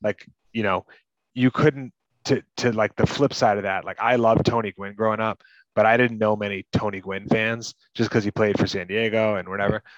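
A man's voice: on the low side, fairly even intonation, normal speed, no room sound, dull audio. A man from Massachusetts co-hosting a casual movie podcast, rambling with lots of "like" and "you know". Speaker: podcast co-host.

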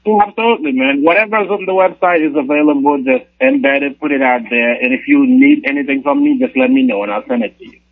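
A man who does stand-up comedy, calling in to a podcast and chatting casually, with a husky voice. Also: fairly high pitch, quick pace, hardly any pauses. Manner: relaxed, plugging his special. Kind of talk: casual phone interview. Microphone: phone call. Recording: tinny phone line.

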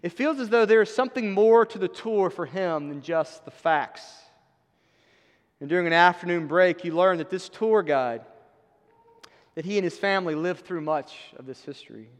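A man's voice: high voice, moderate pace. A man preaching a sermon in a conversational, emphatic way, with wry asides. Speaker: pastor. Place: church sanctuary. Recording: long hall reverb.

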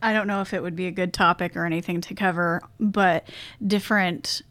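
A woman co-hosting a casual podcast, chiming in with quick jokey asides and laughing often. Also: fairly low pitch, steady tone, a bit bright, no echo. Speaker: podcast co-host.

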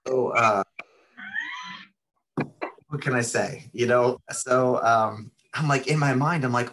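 With a mid-range, fairly bright voice, a man talks at a moderate pace and leaves long pauses. He owns a martial arts school, is middle-aged, and casually tells stories as a laid-back, chatty podcast guest.

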